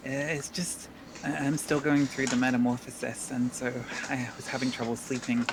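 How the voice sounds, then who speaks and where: A man's voice: mid-range voice, level tone, moderate pace, noisy background, close to an everyday voice. A man voicing a polite young woman traveler who explains herself apologetically. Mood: apologetic.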